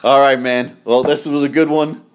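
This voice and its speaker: A man's voice: medium pitch, steady tone, moderate pace, smooth. A man co-hosting a podcast, telling stories in a blunt, assertive way in casual chat. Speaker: podcast co-host.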